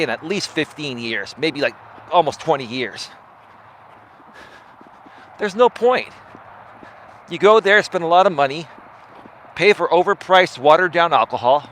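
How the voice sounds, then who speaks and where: A man's voice: on the high side, a bit bright, slight background noise. A man in his forties, a life coach hosting a live stream, talking in a chatty monologue and tagging his lines with "right?".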